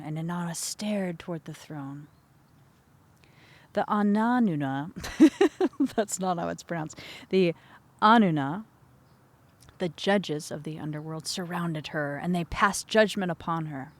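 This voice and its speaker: A woman podcast host reading an old myth aloud and breaking off for chatty asides, correcting her own slips as she goes. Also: fairly low pitch.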